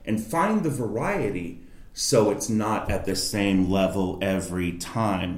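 A man's voice: fairly low pitch, lively intonation, moderate pace. Man coaching voice technique, roomy echo. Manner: coaching, demonstrates reading aloud. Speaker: voice actor guest. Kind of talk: explaining voice technique. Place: library group study room.

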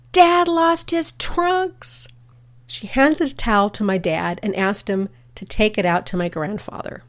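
A woman hosts a scripted radio segment, reading out upcoming events. Between the listings she slips into chatty family anecdotes. Her delivery stays friendly and conversational. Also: medium pitch. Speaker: radio host.

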